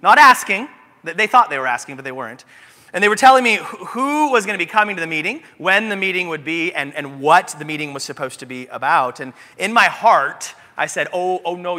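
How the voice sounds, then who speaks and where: A high, very bright male voice delivers an animated sermon, leaning into humorous stories. The long reverb of a church sanctuary trails behind his words. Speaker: pastor.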